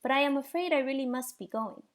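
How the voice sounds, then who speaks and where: A woman voicing a calm, polite female robot who speaks formally and carefully. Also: sits high, quick pace, voice pushed up, lightly acted.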